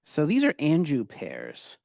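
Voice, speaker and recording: A man's voice: fairly high pitch, wildly swooping pitch, unhurried, gravelly, darkish tone, no echo, clean studio sound. A middle-aged man giving a casual, rambling cooking demonstration, with many fillers and restarts. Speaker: cooking instructor.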